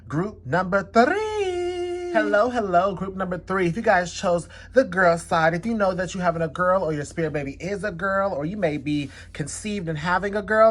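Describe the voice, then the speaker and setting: A woman hosting a casual card reading, chatty and leaning on the word "definitely" again and again. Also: on the low side. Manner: chatty, repeats "definitely" often. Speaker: tarot card reader.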